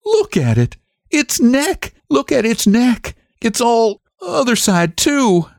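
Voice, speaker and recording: A man's voice: extremely high pitch, wildly swooping pitch, takes it slowly, gravelly, no room sound, studio quality, voice pushed up, heavily acted. A man voicing a plain-spoken rural farm wife with homespun, folksy speech, his voice raised well above his own. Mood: horrified.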